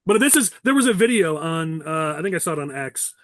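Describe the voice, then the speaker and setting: A man with a fairly high voice hosts a casual politics podcast. He speaks bluntly and with firm opinions, sometimes restarting his sentences. The sound is dry and close, with no room around it. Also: lively intonation, a little fast, no echo. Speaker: podcast host.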